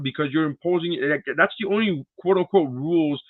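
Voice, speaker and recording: Animated, profane man comedian on a tinny line. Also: on the high side, fairly quick, no echo. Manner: animated, profane, acts out quoted people. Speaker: podcast co-host and comedian. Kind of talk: casual chat. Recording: tinny phone-like sound.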